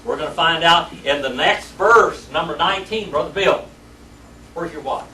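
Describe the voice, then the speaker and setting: A man's voice: fairly high pitch, normal speed, bright, forceful tone. A man teaching a Sunday school class in a church classroom, telling the story in a folksy, colloquial way. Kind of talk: lively Bible class teaching. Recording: echoey room, distant mic, faint noise.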